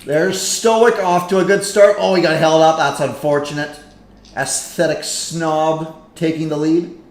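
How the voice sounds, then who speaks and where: A high-voiced man hosts a live stream, chatting in an unhurried, drawn-out way and getting excitable as he calls out names. His voice rings in an echoey room with a faint hiss behind it. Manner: chatty, excitable, reacts loudly to a game. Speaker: livestream host. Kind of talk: casual live-stream commentary.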